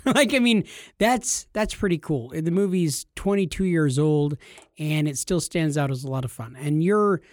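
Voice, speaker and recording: A man's voice: fairly high pitch, normal speed, no room sound, clean studio sound. A man co-hosting a podcast in casual chat, joking and teasing his partner. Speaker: podcast co-host.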